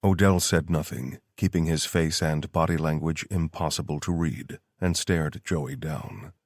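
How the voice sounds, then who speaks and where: A man reading an audiobook in steady, scripted narration. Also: a bass voice, a little slow, no echo, clean studio sound.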